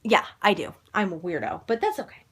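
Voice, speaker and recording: A young adult woman vlogging casually to camera, loud and bubbly, with playful swearing. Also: medium pitch, sing-song, brisk, slightly rough.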